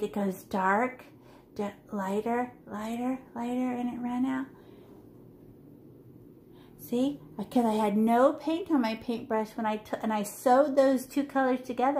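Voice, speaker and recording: A woman's voice: on the high side, normal speed, roomy sound, slight background noise. A woman teaching a live online painting class for children, playful and chatty as she talks them through each step over a laptop mic. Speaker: art teacher. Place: home room on a video call. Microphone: laptop mic on a video call.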